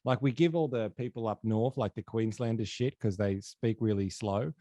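A man's voice: lowish voice, moderate pace, dark tone, no echo. An Australian man hosting an interview, rambling casually with lots of fillers. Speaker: podcast host.

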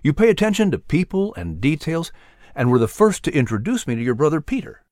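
A man reading a gentle kindly teacher. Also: fairly high pitch, big pitch swings, a little fast, no room sound, studio quality. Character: gentle male teacher, kind and warm. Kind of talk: storybook narration.

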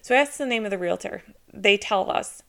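A woman hosting her own podcast, telling a personal story in a chatty, excitable way with lots of casual fillers. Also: medium pitch, brisk, vocal fry. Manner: introverted by her own account. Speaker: podcast host.

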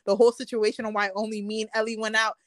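A young woman co-hosting a podcast, spinning a long story in loose, animated chat. She slips into the voices of her friends as she goes and swears casually. The sound is dry and close. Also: a little high, racing, no room sound. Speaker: podcast co-host.

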